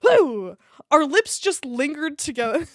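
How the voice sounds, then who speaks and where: A fairly high-voiced woman streamer reads fan fiction aloud into a desk mic, giggling and stopping to answer her chat. The sound is close and dry, with no room echo. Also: sing-song, measured pace. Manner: giggly, breaks off reading to react to chat. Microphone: desk microphone.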